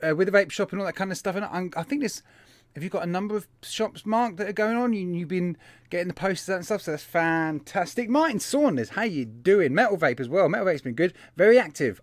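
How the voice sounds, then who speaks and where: A man's voice: high-pitched, expressive, fast, dry recording. A man hosting a live stream, chatting in a casual, upbeat way and greeting viewers one by one. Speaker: host of a vaping live stream.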